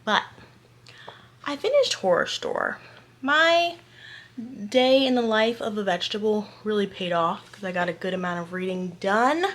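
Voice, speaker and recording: A woman's voice: mid-range voice, unhurried, fairly bright tone. A young woman chatting casually on a book vlog at home, rambling and self-deprecating, recorded on a camera mic. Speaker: book vlogger. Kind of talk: casual chat.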